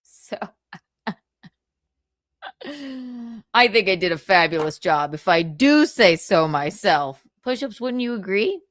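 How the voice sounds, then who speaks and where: A woman livestream host telling a sassy, animated story in casual chat, laughing often. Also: medium pitch, slow, long pauses, no room sound.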